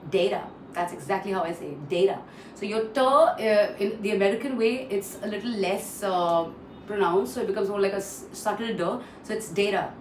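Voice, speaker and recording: A woman trainer walks through word pronunciations and repeats each one for drill. She pauses often with "uh". Her voice sits slightly off-mic in a roomy space with a faint hiss behind it. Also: medium pitch, recorded from a distance. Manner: frequent "uh" fillers. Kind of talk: online pronunciation lesson.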